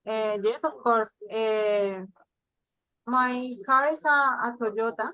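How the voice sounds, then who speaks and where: Woman, slow, hesitant, fillers, practice role-play, dull video call audio. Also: fairly high pitch, steady tone, pushed and bright.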